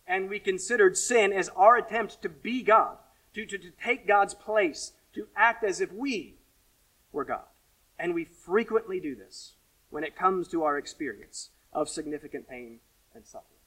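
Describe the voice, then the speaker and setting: A pastor giving a sermon, earnest, rising to emphatic questions and falling to quiet asides. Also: male voice, sits high, expressive, normal speed, recorded from a distance, poor audio.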